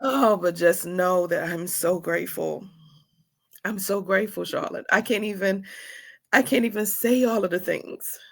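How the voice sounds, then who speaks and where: A woman hosts a heartfelt talk. Her voice is gravelly, and it sounds close and dry. She talks with deep emotion, hovering near tears. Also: moderate pace, no room sound. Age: 40s. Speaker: host. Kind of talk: casual chat.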